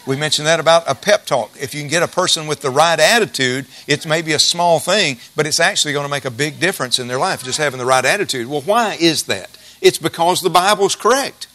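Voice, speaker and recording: A man's voice: a little high, brisk, few pauses, sharp tone. A middle-aged male pastor preaching a sermon in a folksy, emphatic way, repeating key phrases.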